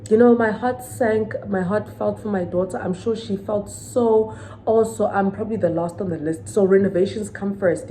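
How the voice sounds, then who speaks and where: A woman's voice: mid-range voice, warm tone, a little hiss or hum, rough recording. A woman in her thirties venting to the camera in a storytime vlog, indignant and emphatic, repeating her points and asking viewers to weigh in. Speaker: vlogger.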